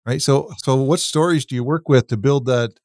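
A man's voice: medium pitch, normal speed, a little mellow, dry recording, clean studio sound. A man co-hosting a podcast, framing a thoughtful question to his guest and rephrasing as he goes. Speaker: podcast co-host. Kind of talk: asking interview questions.

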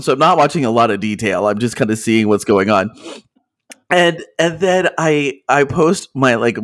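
A man co-hosting a podcast, telling stories excitedly in casual chat and laughing often. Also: medium pitch. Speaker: podcast co-host.

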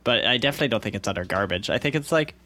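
A man's voice: mid-range voice, expressive, racing, sharp tone. A man in casual podcast chat, rambling through lots of "like" fillers and laughing easily.

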